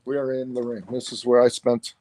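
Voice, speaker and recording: A man's voice: mid-range voice, completely flat delivery, fairly quick, dark tone. A man hosting a casual interview, chiming in with short agreeing remarks. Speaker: interview host.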